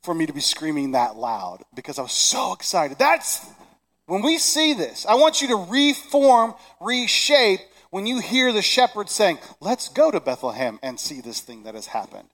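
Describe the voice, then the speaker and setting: A middle-aged man preaching a Christmas sermon, animated and shouting excited lines. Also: high-pitched, normal speed. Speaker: pastor. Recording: long reverb of a large hall.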